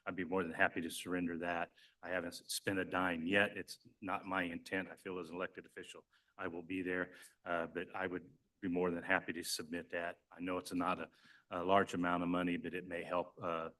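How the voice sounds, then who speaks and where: A man's voice: low-pitched, little pitch movement, fairly quick, sharp tone. A man speaking as a city commissioner in a public meeting, polite and earnest.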